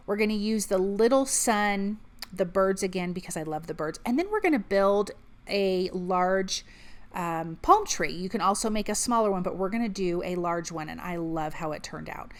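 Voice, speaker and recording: A woman hosting a crafting channel, chatting upbeat through each step of a card-making tutorial. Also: mid-range voice.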